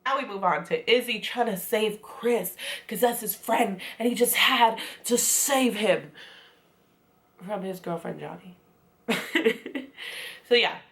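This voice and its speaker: A woman's voice: mid-range voice, a bit bright. A woman giving a casual, sassy recap of a reality show, chatty and full of quoted asides. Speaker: recap vlogger.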